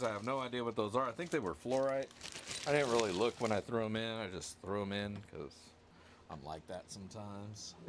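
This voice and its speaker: A man with a mid-range voice runs a casual giveaway on his livestream, rambling, loose, and making jokes at his own expense. Background noise is present.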